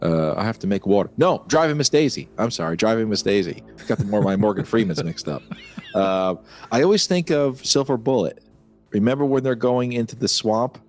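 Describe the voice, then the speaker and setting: A man's voice: on the low side, lively intonation, fairly quick, darkish tone. A man co-hosting a film podcast in a joking, crude way, laughing often. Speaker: podcast co-host. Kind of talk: casual film chat. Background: faint synth music.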